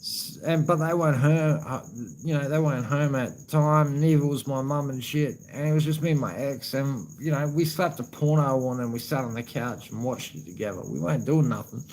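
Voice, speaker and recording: A man's voice: medium pitch, a little fast, darkish tone, slight background noise, poor audio. Swearing Australian man on a live stream. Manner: profane, rambling, calls viewers man and brother. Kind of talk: casual live-stream chat.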